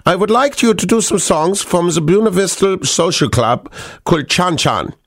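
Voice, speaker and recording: A man's voice: high voice, expressive, normal speed, pitched above the performer's own voice. A man putting on a German accent to voice a polite, formal male listener reading out his message. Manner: formal, stiff phrasing.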